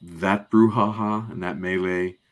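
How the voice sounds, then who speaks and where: A man's voice: deep voice, fairly even intonation, measured pace. A man co-hosting a podcast, casually recapping scenes in detail with plenty of "um"s and asides. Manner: detailed, rambling recap with many fillers. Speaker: podcast co-host.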